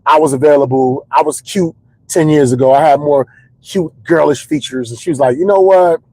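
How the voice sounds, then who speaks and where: A man's voice: mid-range voice, steady tone, brisk, darkish tone, breathy edge, no echo, poor audio. A stand-up comedian telling candid, rambling comedic stories in casual chat, repeating words as he builds the jokes.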